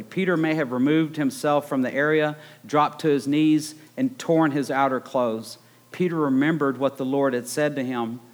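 A man preaching a conversational sermon, retelling the story with joking asides. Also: medium pitch.

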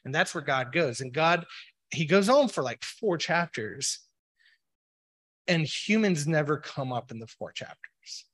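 A man's voice: fairly high pitch, expressive, unhurried, a bit bright. A man giving a casual, rambling explanatory talk on religion, full of "you know" and "like" fillers. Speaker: speaker on a religious podcast.

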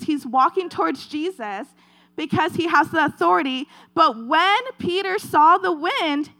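A woman's voice: high-pitched, bright, forceful tone. A woman giving an earnest devotional talk, retelling a scripture story in a conversational preaching style and repeating her points.

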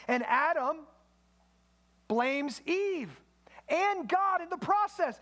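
A man's voice: extremely high pitch, lively intonation, slow pace, long pauses, pushed and bright. A man preaching a sermon in a conversational way, with asides to the congregation. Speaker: pastor.

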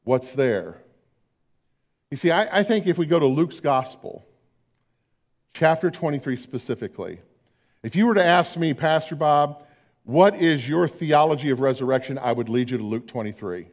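An older man preaching a sermon as pastor, swinging between emphatic declarations and hushed, slow tender passages. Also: on the high side, animated.

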